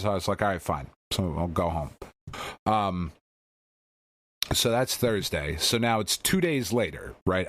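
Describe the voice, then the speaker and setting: A man's voice: on the low side, a bit bright. A man co-hosting a podcast, telling a rambling, candid story in casual chat and swearing often. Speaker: podcast co-host.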